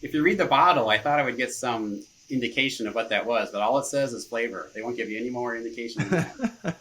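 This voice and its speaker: A man's voice: medium pitch, quick pace, a bit bright, rough recording. A man, a marketing director, chatting casually as a podcast guest in an easygoing way, often chuckling and saying "you know". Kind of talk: casual interview chat.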